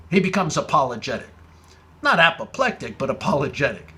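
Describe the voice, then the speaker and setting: A man's voice: medium pitch, a little fast. A man telling a comic story in stand-up style, full of wordplay and building to punchlines. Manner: wordplay-heavy, rising excitement in punchlines. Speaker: comedian.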